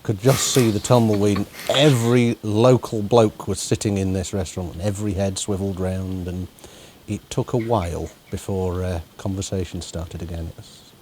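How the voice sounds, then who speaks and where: Male folk show host, chatty questioner, somewhat low voice, faint background hiss. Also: steady tone, moderate pace, few pauses, a little mellow. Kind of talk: interview chat.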